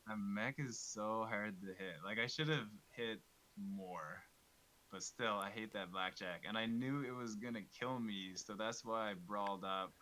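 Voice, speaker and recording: Low-voiced laid-back gamer, faint hiss. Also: male voice, unhurried, pushed and bright, low-quality recording. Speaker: opposing team player. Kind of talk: casual chat.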